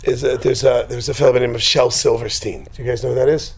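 A man's voice: medium pitch, fairly even intonation, slightly rough. A man teaching a group in an informal religious talk. He jokes and wanders off topic, then rises to an emphatic preaching tone. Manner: joking, digressive, quick to laugh. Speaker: teacher leading a class.

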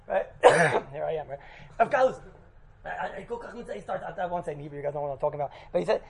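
A man's voice: sits high, expressive, fast, gravelly, a little hiss or hum, low-quality recording. An American man, a rabbi, telling a funny story to his congregation in a chatty way, often checking in with "right?" and laughing at his own jokes. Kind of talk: humorous storytelling talk to a congregation.

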